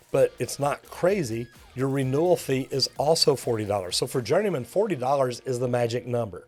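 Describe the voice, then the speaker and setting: A man's voice: mid-range voice, a little mellow. A middle-aged man, a master plumber teaching the trade to viewers in an upbeat, direct coaching tone. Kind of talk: instructional video talk to viewers.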